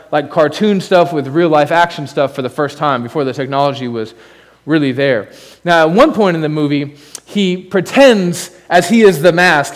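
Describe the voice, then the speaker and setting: Earnest pastor preaching in a reverberant hall. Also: male voice, on the high side. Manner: earnest, swings between loud urging and soft, near-whispered lines; conversational, with asides and humor. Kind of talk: sermon. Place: church sanctuary.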